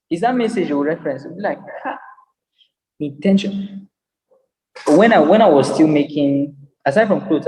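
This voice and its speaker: A man's voice: fairly high pitch, dark tone. A man giving a motivational lecture as a business psychologist, emphatic and repetitive, with a preacher-like cadence. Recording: long hall reverb.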